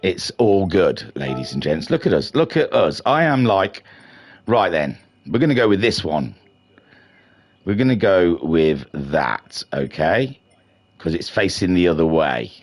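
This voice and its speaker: An unhurried middle-aged man with a low voice and big swings in pitch hosts a racing league stream. His live race commentary is casual and chatty, mixed with self-mockery and a touch of fluster.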